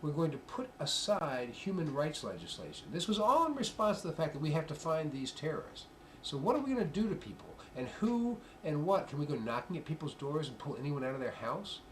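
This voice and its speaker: A man's voice: fairly high pitch, brisk, slight background noise. A man giving an emphatic, conversational talk to a live audience at a church coffee house. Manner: emphatic, animated, conversational lecturing. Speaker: performer and speaker.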